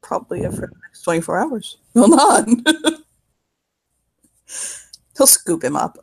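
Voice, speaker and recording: A woman's voice: on the high side, very animated, takes it slowly, creaky, husky. A woman casually narrating her part in a spoken role-play, giggly and loose with lots of filler words.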